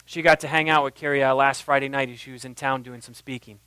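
A man in his thirties preaching a sermon in a church, moving between quiet, intimate asides and loud, impassioned passages. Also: medium pitch, steady tone, fast, clear, resonant tone, no room sound, low-quality recording. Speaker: pastor.

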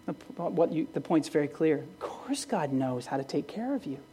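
A woman's voice: deep voice, big pitch swings, normal speed, mellow, breathy edge. A pastor delivering a sermon in an earnest way, often asking the congregation questions and lifting her voice on the key phrases. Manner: asks the congregation rhetorical questions.

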